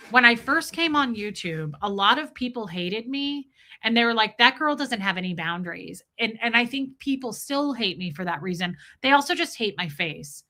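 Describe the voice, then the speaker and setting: A woman's voice: mid-range voice, pushed and bright. A woman hosting a livestream, chatting casually and reading viewers' comments aloud. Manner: chatty, reads chat aloud, giggly. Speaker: livestream host.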